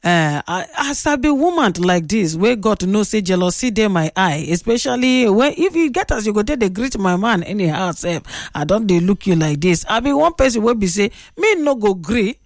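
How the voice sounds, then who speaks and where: A woman's voice: mid-range voice, very animated, normal speed, no echo, studio quality. A woman with a Nigerian accent hosting a radio call-in show, chatty and opinionated as she tells a story. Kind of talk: casual radio talk.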